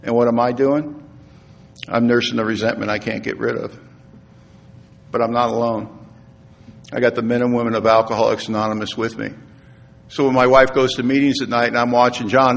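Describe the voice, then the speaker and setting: A middle-aged man stands before a recovery meeting and tells his story earnestly, with a middle-range voice. He drops into hushed, quiet tones at the tender parts. The long reverb of a large hall surrounds his voice. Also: mid-range voice, little pitch movement, brisk, vocal fry, pauses often. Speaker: AA speaker. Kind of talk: personal recovery talk to an audience.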